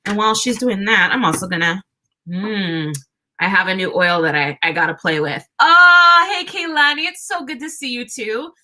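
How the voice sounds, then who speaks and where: Bright-voiced, chatty woman tarot reader. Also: medium pitch, expressive, moderate pace, a little hiss or hum. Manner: chatty and upbeat, greets viewers by name, often restarts phrases. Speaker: tarot reader hosting a live stream. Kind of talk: casual live-stream chat.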